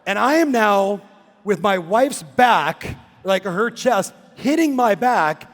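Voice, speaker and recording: A man giving an animated keynote talk in a big conference hall, acting out a story and breaking into shouts. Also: high voice, slow pace. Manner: excitable, acts out the scene and shouts. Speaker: real estate coach and keynote speaker. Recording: long reverb in a big hall.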